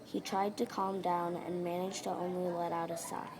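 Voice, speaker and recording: A woman's voice: fairly low pitch, flat delivery, normal speed. A woman reading a children's story aloud with plain, careful narration over a noisy home recording.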